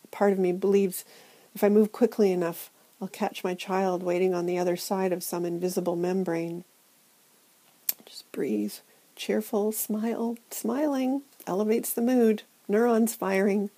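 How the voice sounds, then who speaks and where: A woman narrating a novel in the first person, her voice low and mellow. She reads in a hushed, intimate, measured way. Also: poor audio. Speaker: audiobook narrator.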